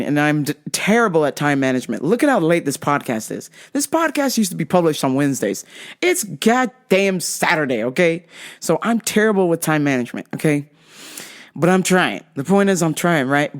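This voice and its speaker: A woman hosting a podcast, telling stories in a profane, ranting way. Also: deep voice. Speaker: podcast host. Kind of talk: casual profane storytelling.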